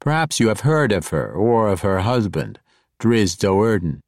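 A man doing a smooth, courtly dark elf rogue. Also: lowish voice, very animated, unhurried, no room sound, studio quality. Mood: smooth diplomatic. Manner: polished, ornate phrasing.

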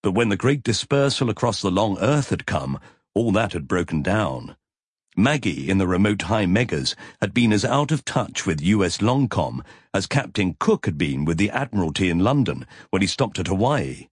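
A man narrating an audiobook in an expressive storytelling manner. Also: low voice, normal speed, breathy edge, dry recording, studio quality. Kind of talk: scripted narration.

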